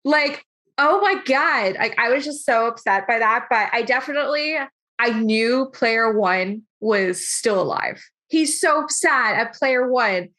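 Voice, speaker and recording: A young woman hosts a relaxed interview over a call, telling stories in an animated, rambling way. Her voice sits a little high and comes across bright and sharp. She keeps tripping over and restarting her sentences. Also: measured pace. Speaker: host. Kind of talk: casual interview chat.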